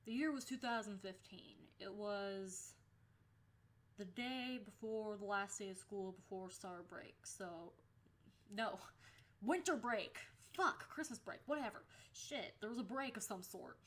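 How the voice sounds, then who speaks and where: Young woman, vlogger, mid-pitched, animated and foul-mouthed in a casual storytime. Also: measured pace. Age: young adult. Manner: animated, swears freely, acts out quoted lines.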